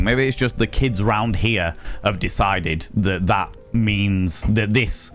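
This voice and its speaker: A man, a streamer and sex educator, chatting casually and telling animated, wry stories while swearing freely. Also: lowish voice, unhurried, faint music behind. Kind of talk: casual live-stream chat.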